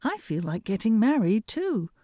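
A woman voicing a simple, cheerful peasant youth who shouts out merrily in a storybook reading. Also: mid-range voice, very animated, moderate pace, no room sound, studio quality, pitched above the performer's own voice. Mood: boisterous.

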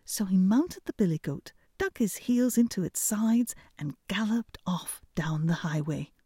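Slow, expressive woman reading a fairy tale. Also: medium pitch, husky, no echo, studio quality. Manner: expressive, unhurried. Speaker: storyteller.

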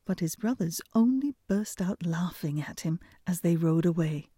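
A woman reading a fairy tale aloud in an expressive storytelling manner. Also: lowish voice, breathy edge, dry recording, clean studio sound. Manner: expressive, unhurried.

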